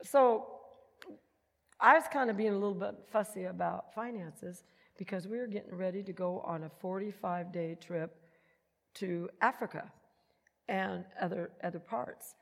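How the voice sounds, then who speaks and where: A woman giving a personal testimony in an animated storytelling manner, acting out the voices she quotes. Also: mid-range voice, moderate pace, creaky. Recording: long hall reverb.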